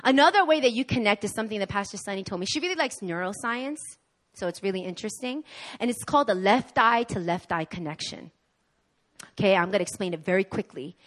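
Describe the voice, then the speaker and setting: A woman preaching a sermon at a church service in an animated way, acting out the voices she quotes. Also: medium pitch, quick pace. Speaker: guest preacher.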